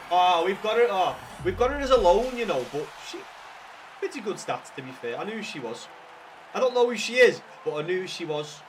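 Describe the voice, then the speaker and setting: A young man chatting casually to viewers while streaming a football video game, rambling and swearing with excited bursts. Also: high voice, a little fast, slight background noise. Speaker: gaming livestreamer. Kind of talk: casual livestream chat with viewers.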